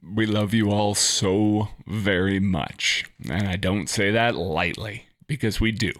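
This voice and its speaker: Man, podcast co-host, low-ish voice, casual, sincere. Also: fairly even intonation, takes it slowly, fairly bright tone.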